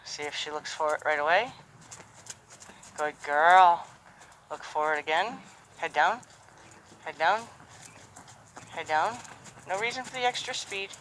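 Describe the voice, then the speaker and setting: Horse trainer outside with a horse, bright clear voice, calm coaching, lots of soft praise, faint noise behind. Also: mid-range voice, a little slow, pauses often, rough recording. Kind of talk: live training commentary. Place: outdoors with a horse.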